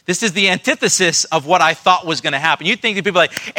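High-voiced, bright-toned male preacher. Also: fast, hardly any pauses. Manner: earnest, animated storytelling with frequent restarts. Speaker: pastor. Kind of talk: sermon.

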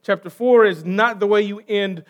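An American man preaching a sermon, conversational and asking the congregation questions, swinging from loud emphasis to quiet trailing line endings. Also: sits high, normal speed, lo-fi sound. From United States. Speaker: pastor.

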